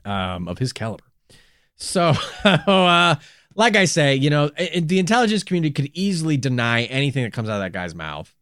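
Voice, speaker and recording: A man's voice: a little high, very animated, a little fast, a bit bright, no echo, clean studio sound. A man co-hosting a podcast in casual, crude, joking chat, and laughing often. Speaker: podcast co-host.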